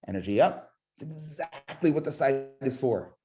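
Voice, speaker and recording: Talking fairly quickly in a mid-range voice, this man runs a sales-call webinar with demo calls. His delivery is lively as he models tone of voice and puts questions to the audience.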